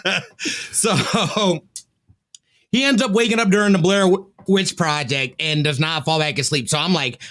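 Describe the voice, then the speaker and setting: A man's voice: fairly high pitch, normal speed, a bit bright. A tired man in his thirties rambles through a story on a gaming podcast, often laughing mid-sentence. His voice sits a little above the usual male range. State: tired from no sleep. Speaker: podcast co-host. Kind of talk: casual chat.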